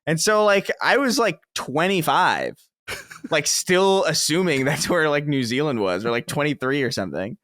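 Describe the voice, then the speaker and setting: A man's voice: on the high side, animated, moderate pace, a bit bright, no room sound, clean studio sound. A man from the Bronx telling rambling, self-mocking stories as a guest on a casual podcast, cursing freely.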